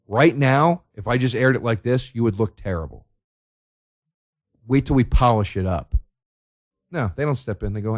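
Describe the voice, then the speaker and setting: A man's voice: mid-range voice, lively intonation, normal speed, pauses often. Sarcastic, profane ranting man. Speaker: comedian podcast host. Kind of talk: solo comedic rant.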